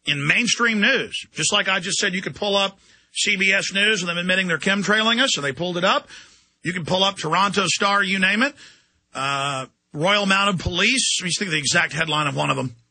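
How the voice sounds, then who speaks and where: A male talk radio host rants hard into a studio mic. His voice sits high, with a husky edge. The sound is very dry and close. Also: animated, normal speed, no room sound. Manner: forceful, ranting, mocks others in put-on voices. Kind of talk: ranting call-in radio talk.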